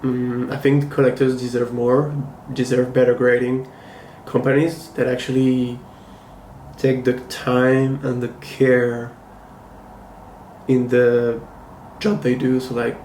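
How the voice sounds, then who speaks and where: A man talks slowly and evenly, with little rise or fall in his middle-pitched voice. His manner is measured and critical as he gives a casual video review. The room around him sounds echoey, with a faint hum of ambience. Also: completely flat delivery, darkish tone. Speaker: comic book collector and channel host. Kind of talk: casual review vlog talking to camera. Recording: roomy echo, faint ambience.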